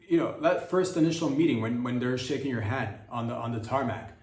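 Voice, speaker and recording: A man's voice: mid-range voice, brisk, a little mellow, echoey room, far from the mic. A man hosting a comedy podcast, riffing in a rambling, crude monologue with mock-innocent asides.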